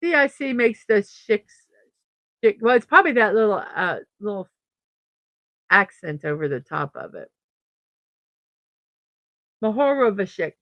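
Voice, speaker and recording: A woman's voice: mid-range voice, expressive, moderate pace, pauses often, a bit bright, no room sound. A middle-aged woman hosting a daily morning show in a casual chat, reading birthdays and memes, laughing often and stumbling over names.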